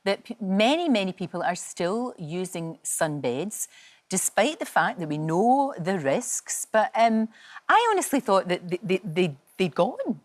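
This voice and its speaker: A woman's voice: mid-range voice, sing-song, a little slow. An older Scottish woman presenting a morning show, friendly and agreeing with her guest. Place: TV studio.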